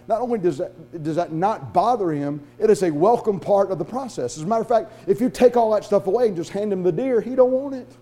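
High-voiced animated pastor, man. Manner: animated, acts out voices in his stories. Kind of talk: sermon with storytelling.

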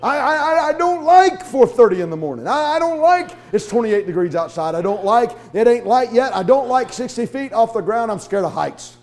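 A man's voice: very high-pitched, normal speed, few pauses. A man preaching a sermon, telling stories and acting out the voices in them. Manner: animated, acts out voices in his stories. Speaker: pastor. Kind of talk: sermon with storytelling.

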